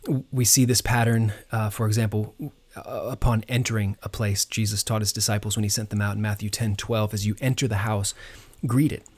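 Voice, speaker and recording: A man preaching a sermon in an earnest, measured teaching manner, pausing on fillers and restarting phrases. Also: lowish voice, little pitch movement. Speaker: pastor.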